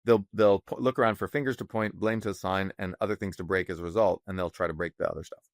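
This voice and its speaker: A man with a lowish voice rants on a podcast, animated and sarcastic, with plenty of swearing and mocking voices for the people he quotes. The sound is close and dry, with no room around it. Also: fast talker, dry recording. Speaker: podcast co-host, economist. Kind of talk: casual opinionated chat.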